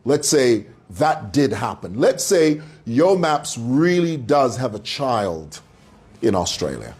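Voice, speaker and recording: A man rails against his target in a mocking, combative commentary. His pitch swings widely as he stresses his points, and he speaks to his listeners like a congregation. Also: big pitch swings, takes it slowly, darkish tone. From Zambia. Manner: combative, mocking, preacher-like address to viewers. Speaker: commentary channel host. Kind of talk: opinionated commentary monologue.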